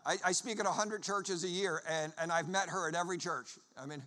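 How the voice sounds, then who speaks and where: A traveling preacher from the Philadelphia area, a man with a high, bright voice, tells stories and jokes with the congregation. His voice rings through the long reverb of a church hall. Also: a little fast. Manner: lively storyteller, jokes with the crowd. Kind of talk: sermon with humorous storytelling.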